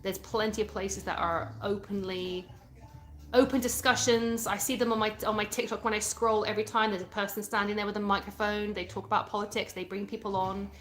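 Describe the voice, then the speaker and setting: A medium-pitched, level-toned woman speaks briskly with a British English accent. She's in her thirties, from England, and hosts a casual live stream indoors at home, chatting and replying to viewer comments.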